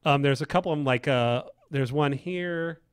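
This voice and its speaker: A man's voice: a little high, moderate pace, clean tone, no room sound, clean studio sound. A man, a lead game designer, chatting enthusiastically on a livestream, often restarting his sentences. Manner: rambling, enthusiastic, many restarts and fillers. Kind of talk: casual livestream chat.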